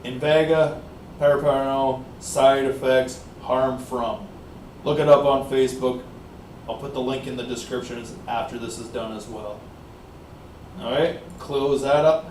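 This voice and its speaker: A man from Canada, rambling in a casual monologue, often saying "like I said" and filling pauses with "uh", winded from exercising. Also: mid-range voice, steady tone, a little mellow, recorded from a distance. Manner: rambling, repeats "like I said", pauses with fillers. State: out of breath from exercising. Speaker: vlogger. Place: small warm room indoors. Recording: roomy echo, voice off-mic, faint noise.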